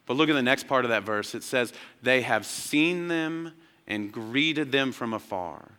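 A man in his thirties preaching a sermon, telling a personal story, swinging from excited emphasis down to quiet, hushed lines. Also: medium pitch, unhurried, clear, resonant tone, long reverb tail. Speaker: pastor.

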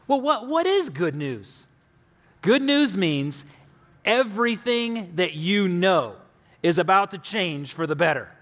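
A man with a fairly high voice delivers a sermon. He is earnest and slows down to drop low on the key words. The sound carries a long echo, as in a large space. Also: big pitch swings, a bit bright. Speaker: pastor.

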